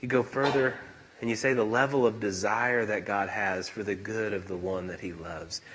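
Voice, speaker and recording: A male pastor preaching a sermon in a church, emphatic and animated, acting out quotes. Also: lowish voice, normal speed, noisy background.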